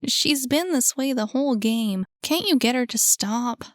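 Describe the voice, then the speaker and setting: A whiny younger brother who sulks when he loses, voiced by a woman reading aloud. The voice is pitched well above her own and pressed, with a close, dry sound. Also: lively intonation, unhurried, dry recording. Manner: whiny, complaining.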